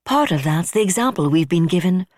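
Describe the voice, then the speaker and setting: A narrator voicing a brisk, wry female admiral who speaks firmly and solemnly. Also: mid-range voice, animated, no room sound, studio quality, natural voice. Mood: earnest. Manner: firm and solemn.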